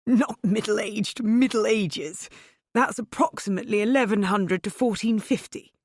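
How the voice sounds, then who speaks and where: A woman's voice: medium pitch, measured pace, dry recording, studio quality, voice pushed up, natural voice. A woman voicing Daniel, a theatrical, flamboyant man who lectures his friends with playful showmanship. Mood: theatrical lecturing.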